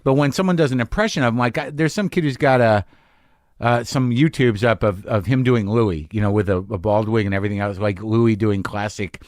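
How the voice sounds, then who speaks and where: A man's voice: on the low side, a little fast, no echo, studio quality. A man hosting a podcast who muses aloud, often trailing off and restarting phrases. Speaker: podcast host. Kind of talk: casual podcast conversation. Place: podcast studio.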